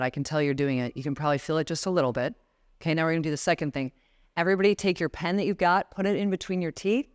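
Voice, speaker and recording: Woman, 40s, motivational speaker at a live conference, smooth clear voice, coaching the room through exercises. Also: fairly low pitch. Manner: coaching, guides the audience through breathing exercises. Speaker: guest speaker. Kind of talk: motivational talk to a live audience. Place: conference room before a seated audience.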